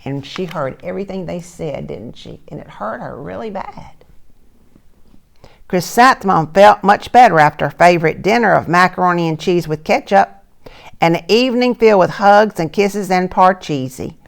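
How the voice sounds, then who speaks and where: An older woman, a retired teacher, reading a picture book aloud to children and asking them gentle questions. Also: on the low side, lively intonation, normal speed, gravelly. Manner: gentle, asks listeners soft questions.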